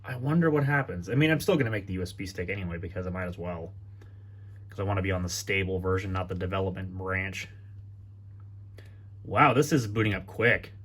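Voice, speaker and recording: Rambling low-voiced man showing laptops. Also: fairly quick, a bit bright, breathy edge. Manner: rambling, self-correcting, thinks aloud. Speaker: tech vlogger. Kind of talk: casual tech walkthrough vlog.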